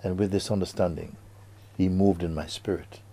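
A man with a deep, husky voice voicing a calm, wise spiritual master in a teaching story. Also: normal speed.

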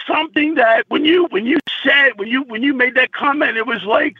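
A man calling in and crying as he tells a faith story, halting and stammering between phrases. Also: very high-pitched, slightly rough, dry recording. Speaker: caller. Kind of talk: telling a personal faith story. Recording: dull phone line.

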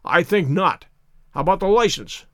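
A man's voice: sits high, animated, moderate pace, fairly bright tone, no echo, studio quality. A man reading as Sherlock Holmes, cold and commanding. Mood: coolly stern. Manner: cold, clipped, authoritative. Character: cool, commanding male detective, middle-aged. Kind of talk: audiobook character reading.

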